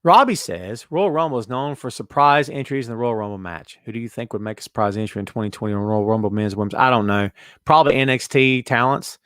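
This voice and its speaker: A man hosting a casual wrestling talk show, reading out viewer comments with sarcastic, animated commentary. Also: medium pitch, a little fast, smooth, dry recording, clean studio sound. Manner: sarcastic, animated, mocking put-on voices. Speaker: podcast host.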